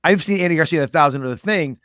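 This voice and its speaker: A man's voice: fairly high pitch, no echo, studio quality. A man who is a podcast guest, chatting casually about an old movie and acting out his own reactions. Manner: fast, animated, talks through his reactions.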